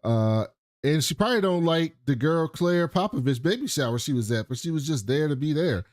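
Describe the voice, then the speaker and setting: A man's voice: fairly high pitch, animated, brisk, no room sound, studio quality. A man co-hosting a podcast, retelling scenes in casual chat, swearing freely and acting out quotes. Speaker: podcast co-host.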